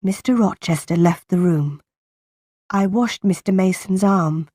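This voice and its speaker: Slow, deliberate woman audiobook reader. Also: mid-range voice, warm tone, no echo, clean studio sound. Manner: slow, plain and deliberate reading. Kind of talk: simplified audiobook narration.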